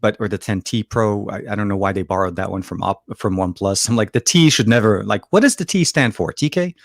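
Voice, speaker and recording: A man's voice: on the low side, quick pace, creaky. A man co-hosting a casual tech chat, rambling with many fillers and restarts. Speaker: co-host.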